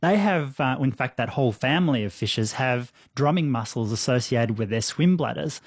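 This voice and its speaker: A man's voice: medium pitch, lively intonation, normal speed, dry recording, clean studio sound. A man, a scientist answering a radio interviewer with enthusiastic explanations and frequent restarts. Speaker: marine biologist guest.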